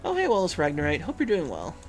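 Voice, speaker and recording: A man hosts a livestream in loose, casual chat. His voice moves all over the place in pitch as he reads out viewers' messages, humming and pausing to think. Soft music plays underneath. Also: wildly swooping pitch. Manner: musing, reads chat aloud, frequent hums and fillers. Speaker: livestream host.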